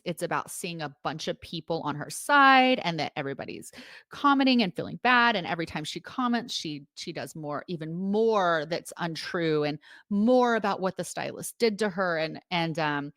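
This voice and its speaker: A woman's voice: fairly low pitch, moderate pace, dry recording, clean studio sound. A woman who owns a salon, telling a story in casual talk and acting out the quoted voices of clients and commenters. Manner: animated retelling with quoted voices. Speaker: salon owner and host. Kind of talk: storytelling vlog chat.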